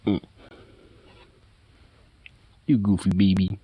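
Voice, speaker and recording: Low husky guy baby-talking his dog, slow and doting. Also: flat delivery, low-quality recording. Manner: soft, doting, drawn-out. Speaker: pet owner. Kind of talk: cooing baby talk to a dog.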